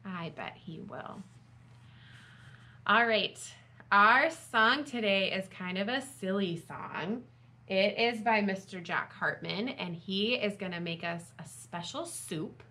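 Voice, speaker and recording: Slow, expressive storytime librarian woman. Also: mid-range voice. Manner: slow, expressive, asks the kids questions. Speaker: children's librarian. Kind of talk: storytime read-aloud.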